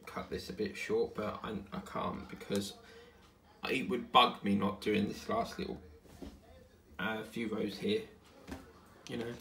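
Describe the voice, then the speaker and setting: A man's voice: fairly low pitch, flat delivery, measured pace, gravelly, long pauses, fairly bright tone, slight background noise. A tired man chatting casually at home while he crafts, rambling between topics and humming to himself. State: tired, yawning. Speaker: diamond painting channel host.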